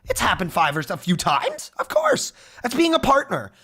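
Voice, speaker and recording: High, bright, ranting young man. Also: normal speed, husky. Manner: animated, profane ranting storyteller. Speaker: streamer. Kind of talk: casual chat.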